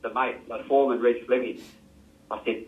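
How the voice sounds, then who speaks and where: A man's voice: mid-range voice, steady tone, moderate pace. Older Australian man telling racing yarns. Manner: rambling, repeats himself, acts out quotes. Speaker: retired jockey and trackwork rider telling stories. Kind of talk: casual storytelling. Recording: echoey, tinny phone-like sound.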